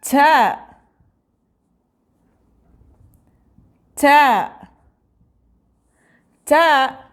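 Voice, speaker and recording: A woman teaching the alphabet, repeating each letter slowly for the listener to echo. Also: high-pitched. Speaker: Arabic teacher. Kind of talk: slow spoken alphabet lesson.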